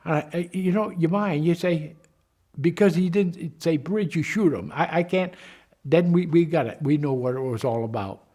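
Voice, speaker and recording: Man in his nineties, war veteran, slightly high voice, halting speech, repeats words, personal memories. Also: warm tone. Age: 90s.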